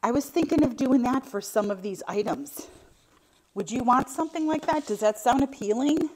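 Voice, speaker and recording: A woman's voice: fairly high pitch, normal speed, background noise. A middle-aged woman chatting casually as she unboxes vintage finds, gushing and exclaiming often.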